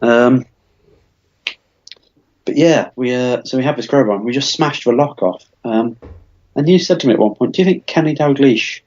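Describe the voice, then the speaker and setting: A man in his twenties co-hosts a comedy podcast, rambling through a silly story with plenty of fillers and restarts. His voice is medium-pitched and darkish, at a normal pace with frequent pauses, and the podcast audio is dull and lo-fi.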